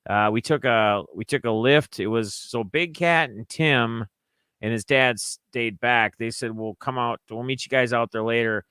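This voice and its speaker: A man's voice: mid-range voice, measured pace, pushed and bright, clear, resonant tone, no echo. A young man from Minnesota casually recapping a trip, rambling and acting out his friends' lines in raised voices. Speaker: sports card collector vlogger.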